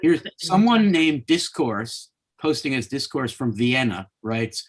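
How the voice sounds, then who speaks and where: A man's voice: medium pitch, expressive, normal speed. A man hosting a conversation, reading audience and reader comments aloud, stammering slightly when he starts a thought. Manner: stammers on starts, reads quotes in lifted voice. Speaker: host, interviewer.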